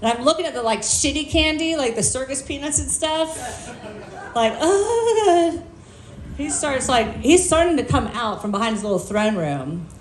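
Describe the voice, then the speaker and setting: A woman's voice: high voice, expressive, normal speed, slight background noise. A woman doing a stand-up set on a bar stage, telling stories in a brash, profane, self-mocking way. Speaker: stand-up comedian. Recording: echoey live room.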